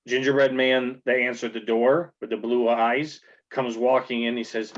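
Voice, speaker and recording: A man narrating a tabletop game as game master, calm and deliberate. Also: medium pitch. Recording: muffled lo-fi recording.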